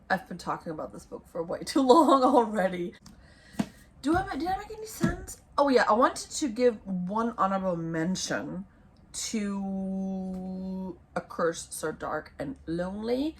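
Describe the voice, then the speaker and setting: A young woman chatting through book recommendations in a loose, rambling vlog. She hesitates often, corrects herself mid-sentence and fills gaps with ums. Her voice is wearing thin, as if she is losing it, and sits at an ordinary middle pitch. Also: slightly rough. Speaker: book vlogger.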